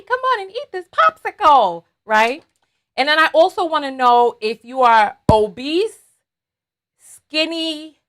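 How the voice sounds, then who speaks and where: A woman hosting a livestream, chatting animatedly and talking straight to her viewers. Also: on the high side. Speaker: host. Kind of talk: livestream commentary chat.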